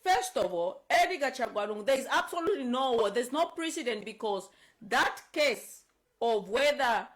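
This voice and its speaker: A woman's voice: on the high side, expressive, normal speed, low-quality recording. A woman from Zambia giving emotional, insistent political commentary, upset and near tears, repeating herself. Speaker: political advocate.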